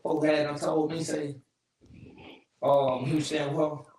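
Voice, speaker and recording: A man from Columbus, Ohio, hosting a casual chat, laid-back and quick with short replies. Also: on the high side, little pitch movement, a little mellow. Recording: echoey room with faint noise.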